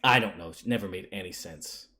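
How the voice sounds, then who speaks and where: A frustrated, rambling traveler who is lost far from home, speaking in a very deep voice, as a man puts him on. He sounds exasperated and talks in circles, a character in a tabletop game. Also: fairly quick, pushed and bright. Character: gruff stranded adult male traveler. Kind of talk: voicing an NPC in a tabletop game.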